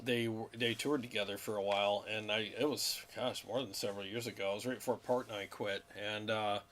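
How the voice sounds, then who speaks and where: A man's voice: on the low side, fairly quick. Laid-back man chatting about music. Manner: relaxed, rambling, animated when retelling stories. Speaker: co-host. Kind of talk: casual chat about music.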